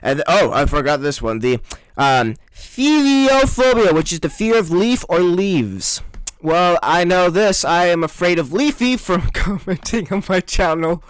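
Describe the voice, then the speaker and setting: Sarcastic male vlogger ranting, high lively voice, dry sound. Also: unhurried, no echo. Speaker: video creator. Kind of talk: comedic commentary vlog.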